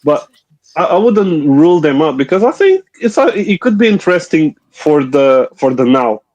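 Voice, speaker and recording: A man's voice: a little high, very animated, normal speed, darkish tone, low-quality recording. A man in a casual group chat, talking emphatically with exasperated asides. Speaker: panel guest.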